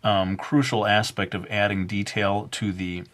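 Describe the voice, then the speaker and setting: A man narrating a drawing tutorial in a relaxed, rambling way, full of ums and uhs and self-deprecating jokes. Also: on the low side, measured pace. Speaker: drawing instructor.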